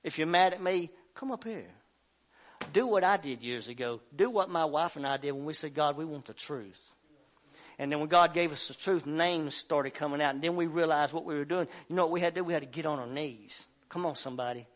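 A man preaching a sermon as pastor of a church, acting out the voices of the story and rising at times to shouts. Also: on the high side, fairly quick. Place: church sanctuary.

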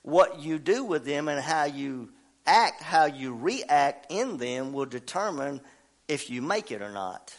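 A man preaching a sermon to a church congregation, fervent and rhythmic, swinging between shouted climaxes and quiet, low asides and calling out to the crowd for response. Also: expressive, slow. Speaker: pastor. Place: church service.

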